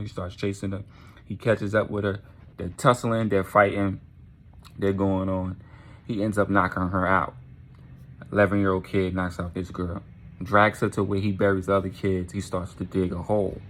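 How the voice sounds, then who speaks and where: Husky man telling a story. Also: deep voice, moderate pace. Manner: animated, profane, keeps asking "right?". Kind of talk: casual storytime narration.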